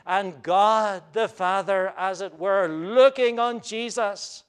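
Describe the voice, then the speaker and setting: Male pastor, higher-pitched clear voice, earnest sermon delivery with restarts. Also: slow pace. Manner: earnest preaching with frequent restarts and fillers.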